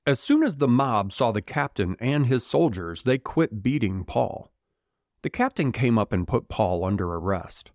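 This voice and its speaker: A man co-hosting a podcast, chatting casually with jokes and reading Bible passages aloud with animated delivery. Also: mid-range voice, moderate pace, no echo, clean studio sound. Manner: animated, joking, dramatizes quoted voices. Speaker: podcast co-host and scripture reader.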